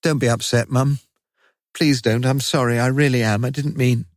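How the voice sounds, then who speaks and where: A man's voice: lowish voice, normal speed, a little mellow, dry recording, clean studio sound. A man voicing a remorseful teenage son who talks in a pleading way.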